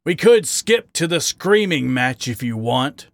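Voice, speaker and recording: A man's voice: medium pitch, lively intonation, slow, no room sound. A man doing a weary grumbling raccoon. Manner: muttering, gruff, dejected.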